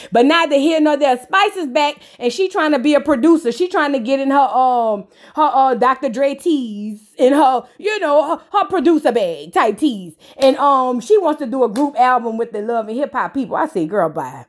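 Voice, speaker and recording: Sassy high-voiced woman gossip host. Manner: sassy, gossipy, keeps calling the listener "girl"; blunt roasting asides. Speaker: reality TV reaction host. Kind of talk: casual reaction commentary.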